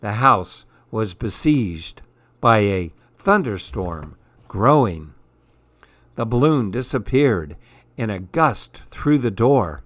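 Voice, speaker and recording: A man reading a rhyming picture book aloud in a measured, rhythmic way. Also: on the low side, big pitch swings, a bit bright, dry recording. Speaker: storyteller.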